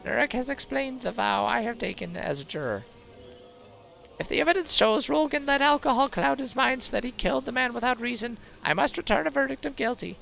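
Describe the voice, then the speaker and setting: A man voicing a stern old tribal wise woman in a video game, speaking slowly and formally in a raised voice. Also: very high voice, expressive, gravelly, pushed and bright, pitched above the performer's own voice, exaggerated voice, poor audio. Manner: slow, formal, grave delivery.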